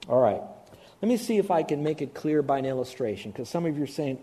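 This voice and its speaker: A man preaching a sermon, animated, acting out the voices of doubters. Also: mid-range voice, fast talker. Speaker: pastor.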